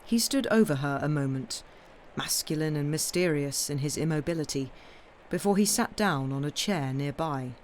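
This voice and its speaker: A woman reading a sea story aloud in a measured way, now and then stumbling and correcting herself. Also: deep voice, expressive, slight background noise. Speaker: reader. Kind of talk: audiobook-style story reading, livestreamed.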